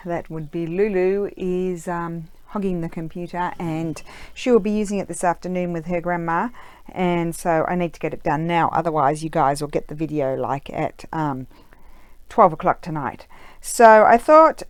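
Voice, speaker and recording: Chatty, low-voiced woman crafting at home. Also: a little mellow, clear, resonant tone, dry recording. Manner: rambling, chatty, many ums and uhs. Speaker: craft vlogger. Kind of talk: casual chat while crafting. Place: room at home with window open.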